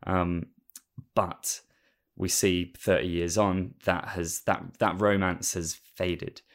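Deep-voiced man rambling through a story. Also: little pitch movement, slow pace. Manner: rambling, with many fillers and restarts, and amused. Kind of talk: casual storytelling recap.

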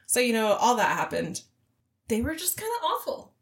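A woman's voice: on the high side, huge pitch swings, moderate pace. A woman co-hosting a casual podcast chat, telling stories about an old job in a loose, joking way and laughing often. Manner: chatty, storytelling, laughs often. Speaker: podcast co-host.

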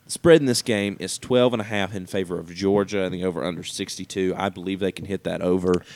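Young male sports podcast co-host, lowish voice, laughs a lot, rambling opinions. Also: steady tone, quick pace, darkish tone, no echo. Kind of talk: casual sports chat.

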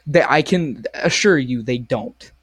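Young male co-host, crude and animated storyteller, dead-dry recording. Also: medium pitch, a little slow, husky, dry recording. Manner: crude, swears often, retells stories animatedly. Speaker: podcast co-host. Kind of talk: casual chat.

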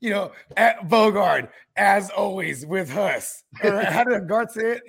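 A man hosting a podcast, telling a story in a profane, animated way and acting out the quotes. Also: high-pitched, slow, gravelly, breathy edge. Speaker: podcast host. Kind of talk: casual podcast chat.

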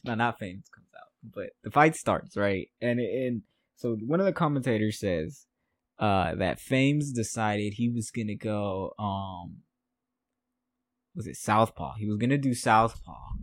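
A man's voice: fairly low pitch, expressive, unhurried. A man hosting a podcast, recapping a fight in casual chat, rambling, repeating himself and laughing at his notes. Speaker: podcast host.

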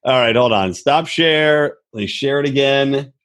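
A man's voice: mid-range voice, a little slow, a bit bright. A man co-hosting a casual podcast, joking and riffing with friends. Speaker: podcast co-host.

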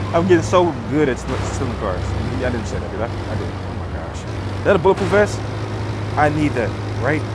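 A man's voice: mid-range voice, very noisy. A man in his thirties giving casual gameplay commentary, often exclaiming and laughing and talking to himself as he plays. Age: 30s. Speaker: gaming video host. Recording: loud game sounds behind voice.

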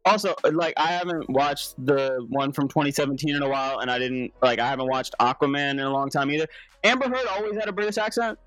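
A man's voice: on the high side, fast talker, a bit bright, no echo. A man chatting casually about a movie, complaining with lots of profanity. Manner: complaining, profane, laughs mid-sentence. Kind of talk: casual chat.

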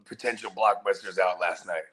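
A man co-hosting a fantasy football podcast in casual chat, animated, joking and swearing freely. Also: low-pitched, fairly quick. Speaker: podcast co-host.

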